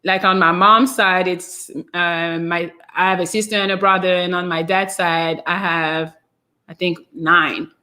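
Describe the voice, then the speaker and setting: A woman's voice: lowish voice, steady tone, a little slow, pushed and bright. A French-accented woman hosting a casual live stream, chatting and reading out viewer comments in a meandering way. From France. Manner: chatty and meandering, trails off with fillers.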